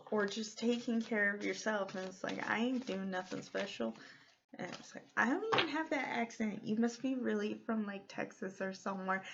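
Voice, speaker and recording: A woman's voice: medium pitch, a bit bright, dull audio, slight background noise. A woman in her thirties giving a casual pick-a-card tarot reading, chatty and meandering as she free-associates. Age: 30s.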